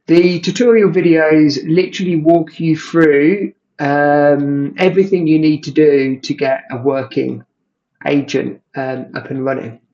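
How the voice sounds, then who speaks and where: A man talks through a casual screen-share demo, halting often and restarting his sentences. His voice sits a bit high, and the audio is dull and lo-fi. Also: steady tone, darkish tone. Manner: halting, full of ums and restarts. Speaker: tech creator.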